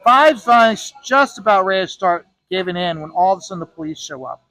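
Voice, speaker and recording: A man's voice: sits high, lively intonation, fast talker, bright, forceful tone, dry recording, low-quality recording. A man who is a comic artist, casually telling a story while he draws, rambling with frequent restarts and repeated words.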